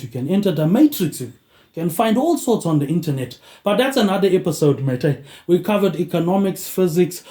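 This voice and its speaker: A man's voice: on the high side, dark tone, reverberant. A man hosting his own show in a rambling monologue, tagging lines with "mate, eh" in a dropping tone. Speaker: podcast host.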